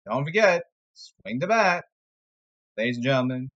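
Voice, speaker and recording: A man's voice: medium pitch, big pitch swings, normal speed, fairly bright tone, breathy edge, highs cut off. A man giving a rambling, sarcastic sports commentary monologue, exasperated and jumping from topic to topic. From New York area.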